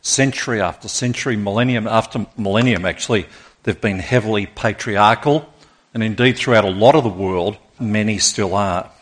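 Male pastor, lowish voice, preaching a lively sermon to a church auditorium. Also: moderate pace. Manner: rousing, draws in congregation.

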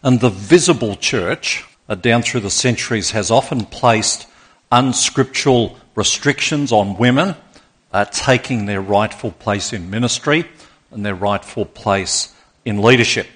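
Male pastor, lowish voice, preaching a lively sermon to a church auditorium. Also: a little slow. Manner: rousing, draws in congregation.

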